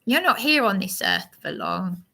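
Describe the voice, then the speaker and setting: A woman rambling through a live monologue, preaching and sounding aggrieved as she answers a commenter in a slow, halting way. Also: a little high, expressive, creaky, pushed and bright, husky.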